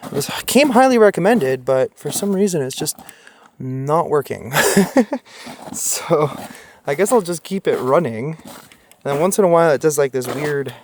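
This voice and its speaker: A man's voice: on the high side, expressive, measured pace, slight background noise. A man exploring a wet forest at night, talking to viewers into a handheld camera. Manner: jumpy, talking to viewers while filming. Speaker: paranormal explorer vlogger. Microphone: handheld camera or phone.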